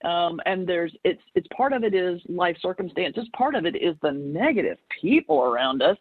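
A woman who is a minister and comedian, telling a story in an interview in a playful, animated way. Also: on the low side, moderate pace, few pauses, husky, no echo. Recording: dry, slightly muffled remote audio.

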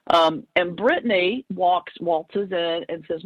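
A woman who is a minister and comedian, telling a story in an interview in a playful, animated way. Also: fairly low pitch, normal speed, no echo. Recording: dry, slightly muffled remote audio.

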